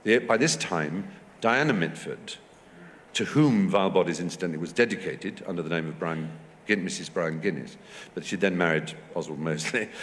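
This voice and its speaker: Articulate English man, fifties, low and animated; stage talk recorded with long hall reverb. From England. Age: 50s. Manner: anecdotal, animated, mimics voices in quotes. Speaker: festival speaker. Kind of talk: onstage talk with audience. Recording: hall reverb, faint noise.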